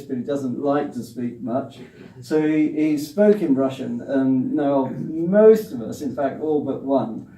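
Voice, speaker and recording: A man's voice: medium pitch, mellow. A man, recounting his newspaper career to an audience in a wry, understated way. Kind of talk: anecdotal storytelling to an audience. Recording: roomy hall, distant mic.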